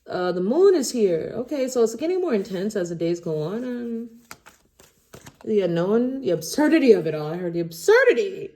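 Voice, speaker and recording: A woman's voice: mid-range voice, sing-song, moderate pace, dark tone. A woman giving a casual tarot reading to camera, rambling and chatty, blunt, with casual swearing. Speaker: tarot reader.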